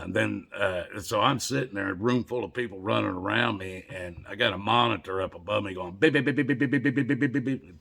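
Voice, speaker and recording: Man with a low, gravelly voice and a bright, husky edge, casual rambling storytelling. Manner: rambling, conversational, with repeated restarts.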